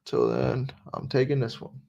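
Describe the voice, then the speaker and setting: A man's voice: mid-range voice, level tone, moderate pace, vocal fry, warm tone. A man casually talking through a live sports stream, repeating himself and muttering asides. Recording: dull lo-fi stream audio.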